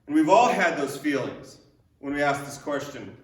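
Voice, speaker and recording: A man's voice: a little high, expressive, moderate pace. A male pastor giving a sermon in a conversational way, using repeated rhetorical questions and light joking. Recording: echoey room, voice picked up from a distance.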